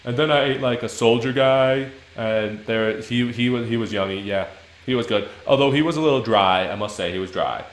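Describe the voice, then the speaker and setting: A man's voice: medium pitch, normal speed, echoey room, natural voice, poor audio. A man voicing a boastful male monster who brags casually and rambles.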